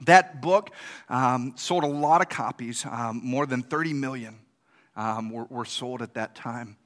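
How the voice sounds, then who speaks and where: A man's voice: mid-range voice, a little slow, a bit bright. A male pastor giving a conversational sermon, asking the congregation questions and acting out quoted reactions.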